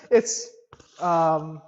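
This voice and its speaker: A man's voice: fairly high pitch, expressive, extremely slow, in a large hall, lo-fi sound. A man in his twenties calling in from work, nervous and hesitant, with lots of ums and uhs. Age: 20s. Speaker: caller. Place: at his workplace.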